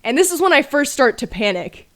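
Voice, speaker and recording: Girl narrating a storytime over a game, kinda high voice, deadpan jokes at her own expense. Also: a little fast. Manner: self-deprecating, dry humor.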